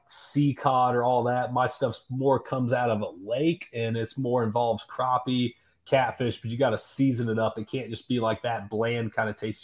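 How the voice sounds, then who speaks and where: A man co-hosts a podcast in an easygoing, folksy way, often pausing to find his words. His voice sits at an ordinary middle pitch. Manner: laid-back, hesitant, folksy. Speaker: podcast co-host. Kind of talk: casual sports podcast chat.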